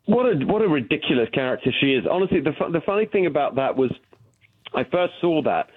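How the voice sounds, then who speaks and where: A man with a British accent, a political candidate calling in to a radio show, animated and full of restarts. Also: fairly high pitch, quick pace, dry recording. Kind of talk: phone-in radio interview. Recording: tinny phone line.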